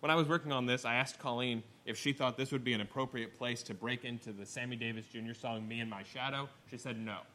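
A middle-aged male preacher with a bright, forceful tone delivers a sermon. He tells the scripture story vividly, acting out the characters' lines with big rises in pitch and dropping to a near murmur for asides. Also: fast, few pauses, slight background noise. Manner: animated storytelling, acting out the scripture voices with wide pitch swings.

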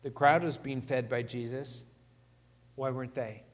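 A man delivers a sermon from the pulpit at an ordinary male pitch. He stresses key words and keeps asking the congregation questions. His voice carries the long reverb of a large church hall. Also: steady tone, measured pace. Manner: emphatic, asks the congregation questions. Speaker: pastor.

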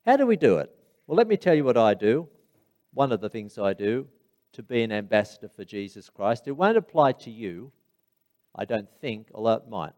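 A man preaching a sermon, with emphatic high bursts on key phrases and quiet, low asides while telling stories. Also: very animated, moderate pace. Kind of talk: sermon with storytelling.

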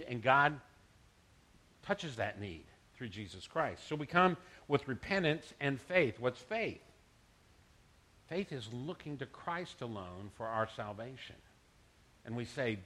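A man's voice: medium pitch, lively intonation, unhurried, fairly bright tone. A middle-aged man, a pastor, preaching a conversational sermon and mixing scripture with personal stories.

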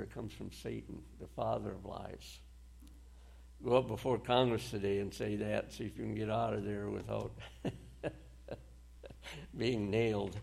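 A male preacher delivers a sermon at an unhurried, measured pace, letting each phrase land before moving on. His voice has a gravelly, creaky texture. He speaks at a middle pitch with deliberate weight. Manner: slow, deliberate delivery with pauses and short dry laughs.

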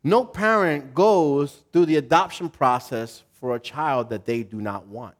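A man's voice: medium pitch, unhurried. A man preaching a conversational sermon as a pastor, casual and slangy, telling stories and acting out voices. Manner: animated, animated storytelling with acted-out voices.

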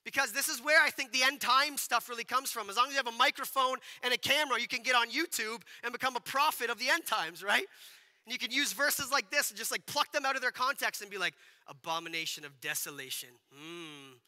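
Bright high-voiced pastor in an echoing hall. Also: male voice, fast. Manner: conversational, asks the congregation questions, acts out quotes. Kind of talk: sermon. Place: church hall with congregation. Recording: long hall reverb.

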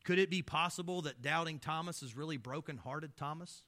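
A man preaching a sermon as pastor, impassioned, asking many rhetorical questions and swinging between loud emphasis and hushed low passages. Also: fairly quick, hardly any pauses. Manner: impassioned, full of rhetorical questions, swelling and dropping in loudness.

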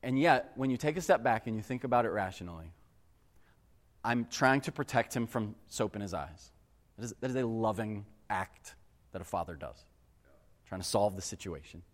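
A man's voice: on the low side, normal speed. Earnest preacher man in a reverberant hall. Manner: earnest, animated storyteller who addresses the crowd as guys. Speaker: pastor. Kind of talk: sermon with personal storytelling. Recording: long reverb of a large hall.

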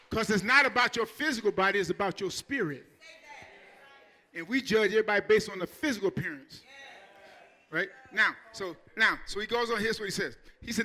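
High, bright-voiced preaching pastor, a man. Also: fairly quick. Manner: preaching with bursts of shouting and laughter. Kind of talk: sermon.

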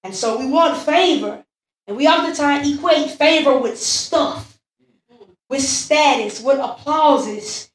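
High-voiced woman preaching in an echoey church. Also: slow pace. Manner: testimony-driven, repetitive call-and-response cadence. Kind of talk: sermon. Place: church sanctuary. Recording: echoey church room, far from mic.

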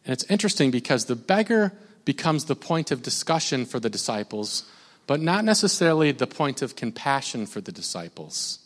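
A man's voice: medium pitch, very animated, brisk. A man from Minnesota preaching a sermon in a casual, conversational way, often repeating his words. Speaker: pastor. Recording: long hall reverb.

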